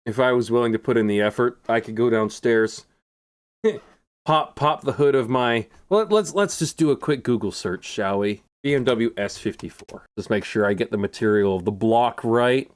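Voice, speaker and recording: A man's voice: mid-range voice, moderate pace. A young man commenting on a racing game, sarcastic and rambling, laughing often. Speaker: gaming YouTuber.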